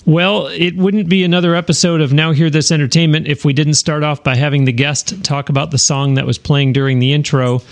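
Guy hosting a podcast, kinda high voice, laughs a lot, chatty. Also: fairly even intonation, fairly quick, few pauses. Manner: chatty, laughs often, upbeat. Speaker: podcast host. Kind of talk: casual interview.

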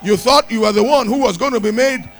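A man preaching a sermon with exuberant shouts, laughter and cries of praise. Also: very high-pitched, fairly quick, a faint crowd.

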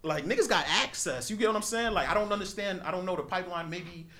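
A man's voice: high-pitched, fast, bright, forceful tone. A man hosting a podcast, telling rambling street stories in heavy slang with lots of fillers. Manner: loose storytelling, New York slang, fillers. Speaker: podcast host. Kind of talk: casual chat.

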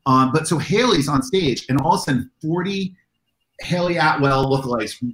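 In an echoey room and a low-quality recording, a convention organizer being interviewed recounts eager anecdotes and voices the characters' lines. He speaks at a moderate pace in a slightly high voice, animated throughout.

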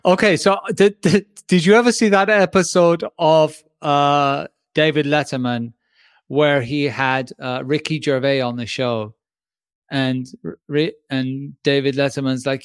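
A man's voice: mid-range voice, measured pace, clean tone, dry recording. Male podcast co-host from Spain, jokey and loose, dry close sound. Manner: joking, mock sponsor plugs. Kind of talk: casual chat.

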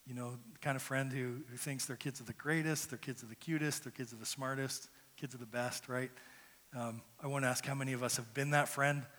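Earnest pastor preaching in a reverberant hall. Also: male voice, mid-range voice, fairly even intonation, a little fast, fairly bright tone. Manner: earnest, repeats words when starting phrases. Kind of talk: sermon. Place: church sanctuary.

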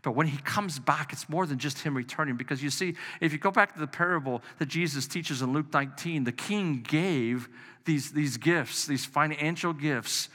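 A man's voice: a little high, normal speed, a bit bright. A middle-aged man preaching a sermon as pastor, earnest and conversational, often restarting his phrases. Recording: long reverb of a large hall.

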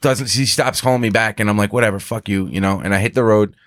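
A man rattles off a sprawling story at a fast clip, cursing freely and jumping between asides. His voice sounds dry and close, with no room around it. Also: fairly low pitch, no room sound. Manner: profane, rambling, animated storyteller. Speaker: podcast co-host. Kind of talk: casual podcast storytelling.

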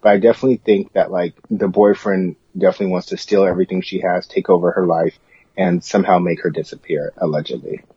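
A man co-hosting a comedic chat in a dry, deadpan and dismissive manner. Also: low voice, fast talker, slightly rough, no echo. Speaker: co-host. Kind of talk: campy comedic banter. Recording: dull, muffled recording.

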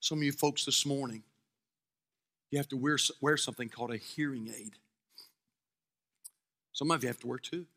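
A male pastor preaching a sermon, swinging between shouted fervor and hushed, quiet passages. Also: high voice.

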